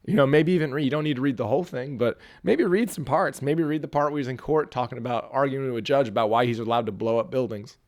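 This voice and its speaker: A man's voice: medium pitch, fast, hardly any pauses, darkish tone. A man hosting a podcast, talking casually and profanely about a book, with frequent restarts. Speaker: podcast host.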